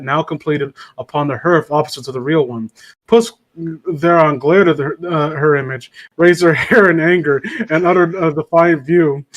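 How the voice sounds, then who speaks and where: Man, slightly higher voice, informal home reading of a storybook with frequent self-corrections. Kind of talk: casual read-aloud of a classic story.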